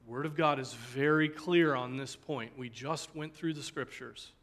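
A pastor teaches a Sunday school class in an earnest, sermon-like style, frequently checking in with "right?" and "okay?" before closing with a spoken prayer. His voice is mid-range and fairly bright, at a normal speed.

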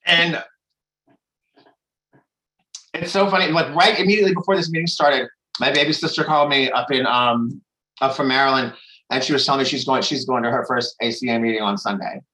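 A man's voice: medium pitch, fairly even intonation, fast, bright, forceful tone, poor audio. A man sharing candidly at a recovery meeting, rambling with restarts and frequent swearing. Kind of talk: candid personal share.

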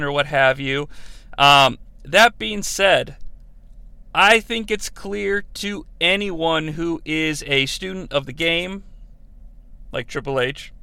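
A man hosting a podcast in a high, gravelly voice. His tone is bright and edgy, and the sound is close and dry. He rambles and jokes through his wrestling commentary and swears freely. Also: no echo. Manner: rambling, profane and jokey, slipping into bits. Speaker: podcast host.

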